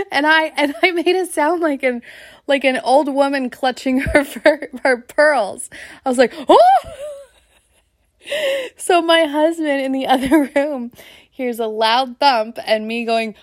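Young woman, podcast host, chatty storyteller who laughs a lot, mid pitch. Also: no echo, studio quality. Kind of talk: casual solo podcast chat.

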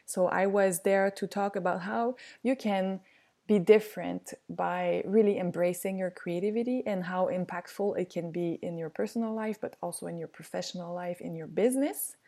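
A woman's voice: fairly low pitch, normal speed, warm tone. A woman from Quebec with a French Canadian accent, a native French speaker, talking in an enthusiastic, chatty way with many fillers on a podcast. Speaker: podcast host and guest. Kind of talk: casual podcast chat.

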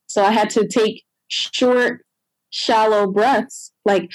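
A woman's voice: a little high, fairly even intonation, slow pace, dry recording, low-quality recording. A young adult woman telling her own birth story in a conversation, emotional and retelling what others said. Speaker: guest sharing a birth story.

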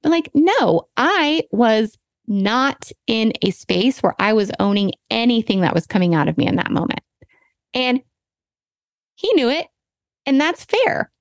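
A woman hosting a podcast, telling a personal story in a candid, animated, self-deprecating way. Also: fairly high pitch, a little slow, long pauses, no echo. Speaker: podcast host.

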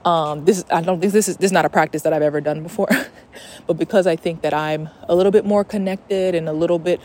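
A woman's voice: on the low side, steady tone, quick pace, dark tone. Chatty, profane woman on a phone memo. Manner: chatty, profane, rambling with fillers. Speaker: podcast host. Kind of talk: casual chat.

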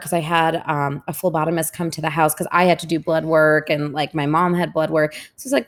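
A woman's voice: low-pitched, a little fast, few pauses. A woman, a parent of a young patient, recounting her experience in earnest, reflective casual conversation.

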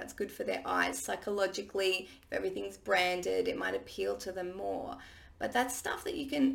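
A woman business coach with a husky morning voice, talking to listeners in a chatty, encouraging way. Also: mid-range voice. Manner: chatty and encouraging, with frequent restarts. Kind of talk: casual solo podcast talk.

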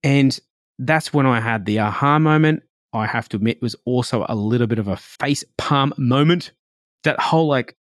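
A man hosting a podcast, telling a personal story in a relaxed, reflective way, full of "like" and "you know". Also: mid-range voice, moderate pace, dry recording, clean studio sound. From Australia. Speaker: podcast host.

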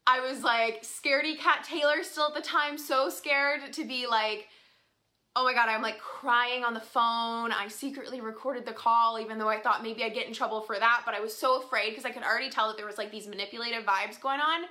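A woman's voice: a little high, steady tone, a little fast, sharp tone. A young woman casually telling a story to her viewers, chatty and full of "like" fillers, laughing often. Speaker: vlogger.

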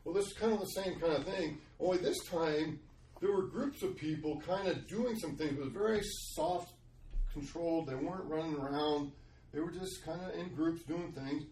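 A man's voice: a little high, animated, moderate pace, darkish tone, recorded from a distance, a little hiss or hum. Middle-aged man, earnest storyteller for a faith chat show, heard in a roomy space a bit off mic. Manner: earnest storytelling, acts out quoted voices. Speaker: Christian speaker sharing testimony. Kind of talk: conversational podcast testimony.

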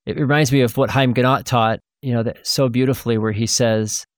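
A man's voice: mid-range voice, fairly even intonation, a little fast, no room sound, clean studio sound. A man hosting an interview, chatting casually and praising his guest's work. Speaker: interview host.

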